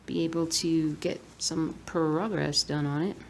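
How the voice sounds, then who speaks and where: A woman, chatting softly and rambling as she cross-stitches. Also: low-pitched, steady tone, a little slow, creaky, a little hiss or hum. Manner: soft-spoken, rambling, murmurs to herself while working. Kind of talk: relaxed stitch-along chat.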